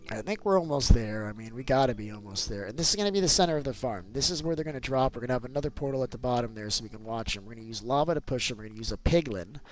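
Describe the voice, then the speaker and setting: A man hosting a casual gameplay video, animated and teasing, who keeps calling his child "bud" and breaks into loud bursts of excitement. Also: medium pitch, rapid-fire, hardly any pauses, soft background music. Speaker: gaming channel host and father.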